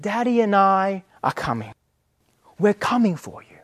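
Man doing an anxious mother calling out, high-pitched and dry. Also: sing-song, unhurried, a bit bright, no echo, full character voice. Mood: reassuring. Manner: anxious calling out, then reassuring. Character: worried mother calling for her lost son.

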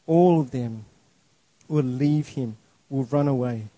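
A man preaches slowly, earnestly and emphatically, often stumbling and restarting his words. His somewhat high voice still sounds dark and husky, captured on a dry, close, low-quality recording with no echo.

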